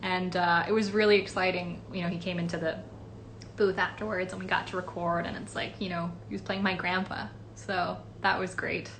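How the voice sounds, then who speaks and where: A woman's voice: fairly low pitch, little pitch movement, normal speed, fairly bright tone, slight background noise. A woman voice actress answering fan questions in a casual livestream, chatty and rambling with many fillers. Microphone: phone or webcam livestream.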